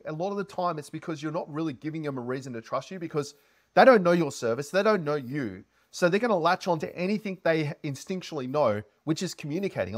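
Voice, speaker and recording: Energetic man coaching on sales. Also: on the high side. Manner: animated, heavy inflection, energetic. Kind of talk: casual advice talk to camera.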